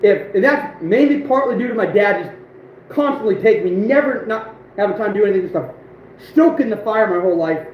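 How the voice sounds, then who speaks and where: A man in his twenties hosting an outdoors livestream, telling stories with a voice that is going hoarse, animated and emphatic, repeating phrases for punch. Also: sits high, brisk, roomy sound, muffled recording, a little hiss or hum. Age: 20s. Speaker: outdoors channel host. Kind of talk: livestream storytelling.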